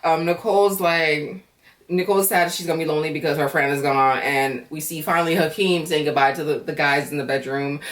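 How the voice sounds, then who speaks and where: A woman's voice: deep voice, steady tone, brisk, recorded from a distance. A woman giving a blunt, sarcastic recap of a reality show in a casual chat at home.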